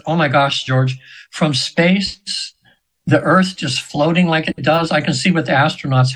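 A man's voice: mid-range voice, low-quality recording. A man in his seventies, a radio show guest, telling a spiritual story in an earnest, meandering way with frequent restarts. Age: 70s.

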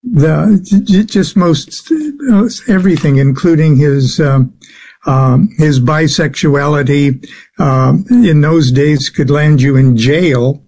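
A man answering interview questions as a guest, speaking haltingly with many filler sounds. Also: a little high, darkish tone. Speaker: guest expert on the occult.

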